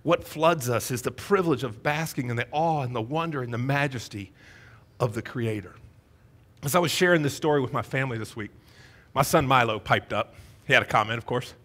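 A middle-aged man, a pastor, preaching a storytelling sermon in a church, moving between hushed moments and emphatic ones. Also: medium pitch, fairly quick. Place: church sanctuary.

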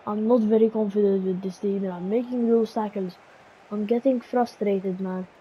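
A woman's voice: medium pitch, steady tone, normal speed. A woman giving play-by-play commentary on her own football video game match, critical of herself and muttering between the calls. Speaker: gaming channel host. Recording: dull lo-fi recording, faint hiss.

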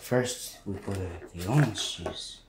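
A teenage boy talking casually and excitably. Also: on the low side, slow pace, roomy sound, very noisy. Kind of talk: casual chat.

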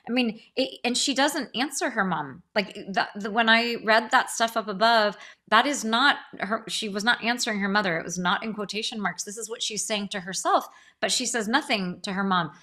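A woman's voice: medium pitch, normal speed, hardly any pauses, pushed and bright. A woman lecturing on a novel, enthusiastic, stumbling over restarts and fillers as she reads passages aloud. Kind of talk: literature lecture.

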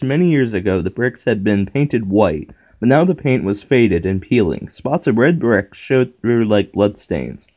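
A man reading a children's horror book aloud in a steady first-person storytelling manner. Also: mid-range voice, highs cut off. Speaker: narrator.

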